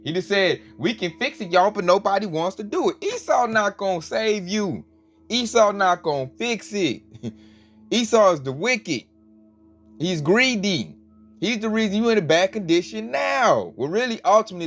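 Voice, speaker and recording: A man giving emphatic, colloquial commentary with a preaching edge, often breaking into laughs. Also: high voice. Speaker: religious commentator.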